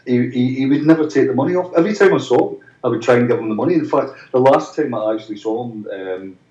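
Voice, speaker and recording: A musician guest in a chatty interview talks fast in a mid-range, slightly mellow voice, spinning long anecdotes full of restarts and acting out the voices of people he quotes. The recording sounds roomy, distant, and dull.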